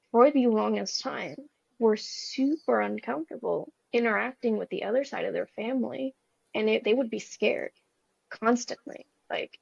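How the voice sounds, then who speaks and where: Give me a young woman with a raised, gravelly voice, earnest and loose, a guest telling her story. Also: on the high side, no echo. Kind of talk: personal story in a conversation. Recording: slightly dull recording.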